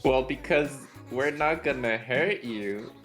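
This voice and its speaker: A woman's voice: rumbling low, slow, faint music behind. A woman playing a tabletop game in character, talking in a coaxing, playful way. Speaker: player.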